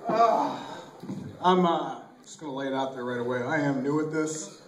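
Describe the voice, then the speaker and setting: A man's voice: mid-range voice, normal speed. A man doing a crude, rambling, self-deprecating stand-up comedy set in a small venue. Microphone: handheld camera from the audience. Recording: echoey room, camera far from the stage.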